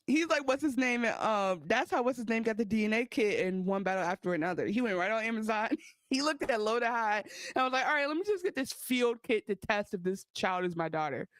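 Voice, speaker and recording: A woman co-hosting a podcast, chatting casually and acting out quotes with lively, profane energy. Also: fairly high pitch, brisk, no room sound. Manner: animated, profane, acts out quotes. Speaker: podcast co-host. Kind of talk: casual recap chat.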